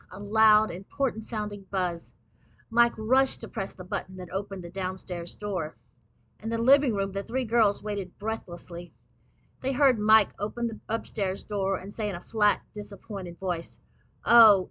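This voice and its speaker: A woman reading a children's book aloud in clear, steady storybook narration. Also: mid-range voice, moderate pace, no room sound, low-quality recording.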